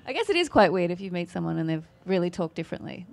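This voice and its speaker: An actress with an Australian accent answering a panel question in a playful, self-mocking way. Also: female voice, on the low side, sing-song, fast, creaky, a little mellow.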